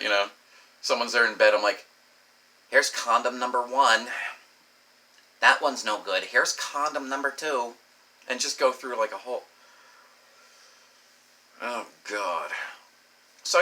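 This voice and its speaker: A man's voice: medium pitch, bright, forceful tone, low-quality recording. A man telling a crude personal story as a rambling, profane vlog monologue, laughing often and saying "you know" a lot. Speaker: vlogger.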